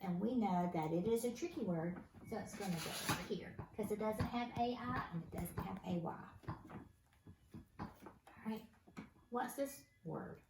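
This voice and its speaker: A woman's voice: medium pitch, normal speed, long pauses. Woman teacher doing a phonics lesson at home, patient and encouraging, echoey and kinda noisy. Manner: patient, encouraging, prompts pupils to read. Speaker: first grade teacher. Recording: roomy, distant, noisy home recording.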